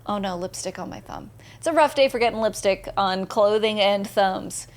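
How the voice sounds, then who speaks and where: A woman's voice: medium pitch, normal speed. A woman live-streaming a game, chatting casually, laughing often and reading viewer messages aloud. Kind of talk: casual live-stream chat while gaming.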